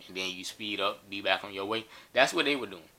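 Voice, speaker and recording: A man's voice: lowish voice, brisk, pushed and bright. A man telling a funny story in a casual, joking and profane way.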